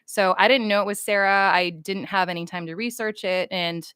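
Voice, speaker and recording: Goofy rambling woman, smooth voice. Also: medium pitch, fairly even intonation, moderate pace, fairly bright tone, no room sound, studio quality. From United States. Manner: rambling, goofy, reads chat comments aloud. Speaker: voice actor livestreaming to fans. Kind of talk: casual livestream chat.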